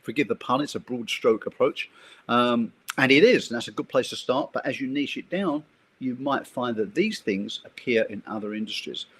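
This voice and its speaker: A man in a casual talk, explaining his views in a thoughtful, measured way. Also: mid-range voice, fairly bright tone, breathy edge. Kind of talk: casual chat.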